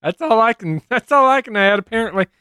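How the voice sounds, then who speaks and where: Lively woman riffing on a podcast. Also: on the high side, smooth, no room sound, studio quality. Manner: lively, goofy, quick to riff. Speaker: podcast co-host. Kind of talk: casual comedic chat.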